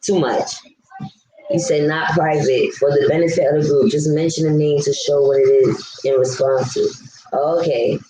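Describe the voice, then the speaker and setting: Her voice is deep, warm and steady, moving at a moderate pace as she chats casually on a live stream. The woman vlogger rants bluntly and responds to comments as she goes. There's echo in the room and a faint hum behind her.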